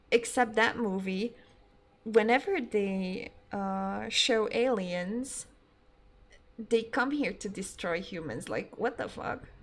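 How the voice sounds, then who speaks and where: Chatty young woman streamer, swearing freely. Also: medium pitch. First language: not English. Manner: chatty, swears often, laughs easily. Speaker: game streamer. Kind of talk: casual live-stream chat.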